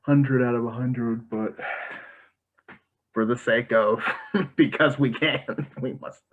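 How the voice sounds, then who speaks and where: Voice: medium pitch, steady tone, slow. A host chatting casually and gushing, laughing often and filling the talk with 'like' and 'oh my gosh'. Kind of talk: casual chat. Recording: tinny phone-like sound.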